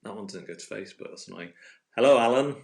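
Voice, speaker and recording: A man's voice: fairly low pitch, expressive, fast, vocal fry, a little mellow. A man hosting a casual live-stream quiz from home on a phone, chatty and playful, laughing often. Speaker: quiz host.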